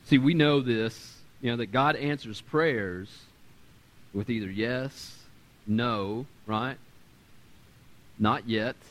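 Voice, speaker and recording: A man in his thirties preaching a sermon, animated, swinging between loud and quiet and acting out the voices he quotes. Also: mid-range voice, slow, long pauses. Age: 30s. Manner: acts out quoted voices in conversational storytelling. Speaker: pastor.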